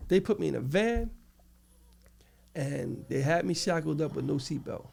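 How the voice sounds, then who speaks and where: A middle-aged man with a New York accent, telling his story as an interview guest in an animated, casual way, acting out the people he quotes. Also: a little high, moderate pace, gravelly, husky.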